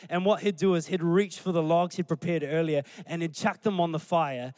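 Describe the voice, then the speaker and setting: A man, a pastor preaching a sermon through animated storytelling. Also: sits high, fairly quick, hardly any pauses, no echo. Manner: animated storytelling, acting out scenes.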